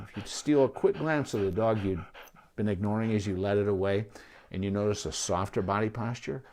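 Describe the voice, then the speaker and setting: Brief: male vet teaching dog owners, animated delivery, lowish voice that swings wide, goes quiet for gentle praise. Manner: animated, with many restarts and asides; drops to a soft voice for calm praise. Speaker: veterinarian. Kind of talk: casual instructional talk to camera.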